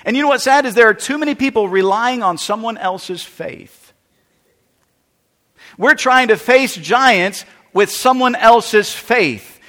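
Bright-voiced preacher man in a reverberant hall. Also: very high voice, lively intonation, measured pace. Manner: dramatic preaching, acts out voices of Bible figures and churchgoers. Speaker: pastor. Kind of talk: sermon.

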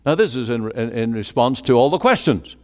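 A man's voice: medium pitch, expressive, a little fast, darkish tone. Preacher guy giving a sermon, voice swings up and down a lot, long echo from the church hall. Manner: emphatic, rising and falling preaching cadence.

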